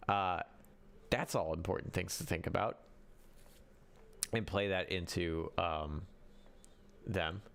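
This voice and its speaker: A man's voice: deep voice, slow pace, gravelly, long pauses, a bit bright. A man hosting a casual livestream about running tabletop games, rambling and restarting his sentences as he answers viewer chat. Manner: rambling, with frequent restarts and self-corrections. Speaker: livestream host.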